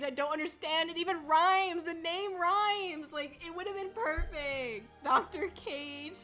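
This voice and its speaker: A woman's voice: sits high, moderate pace, hardly any pauses, sharp tone, faint music behind. A woman streaming as a VTuber, chatting casually in a rambling way, swearing and laughing often. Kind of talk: casual livestream chat.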